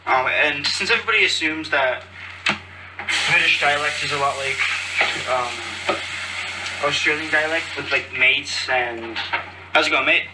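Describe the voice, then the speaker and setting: A man's voice: fairly high pitch, a little slow, long pauses, far from the mic, very noisy. A cheerful, chatty man hosting a podcast, rambling casually and losing his train of thought, recorded on a phone. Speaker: podcast host. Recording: phone recording with loud clattering dishes. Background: clattering cutlery, dishes and pots.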